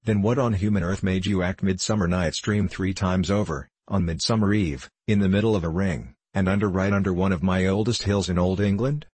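An ancient, kindly male sprite of the hills speaks in a storybook reading, a man putting him on. The voice sits very low and a touch husky, recorded close and dry, with a playful, sing-song lilt. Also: brisk, few pauses, darkish tone, no room sound. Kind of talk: audiobook character reading.

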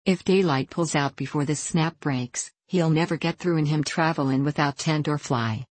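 A woman's voice: deep voice, moderate pace, no echo. A woman voicing a cautious, worried male frontier miner who speaks dolefully and warns others. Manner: doleful, warning.

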